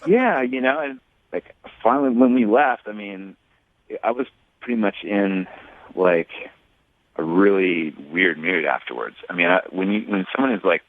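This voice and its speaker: A man calling in to a radio show, talking haltingly with many restarts and fillers. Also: fairly low pitch, expressive, no room sound. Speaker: caller. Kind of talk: phone call on a radio show. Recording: tinny phone line.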